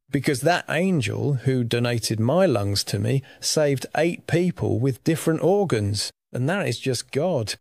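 A man's voice: medium pitch, darkish tone, no room sound. Guy sharing his faith testimony, earnest and reflective, dry sound no room. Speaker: lung transplant recipient.

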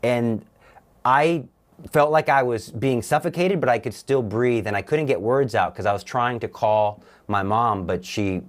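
A young man, a guest on an interview show, telling his personal faith story earnestly, with halting restarts. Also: medium pitch.

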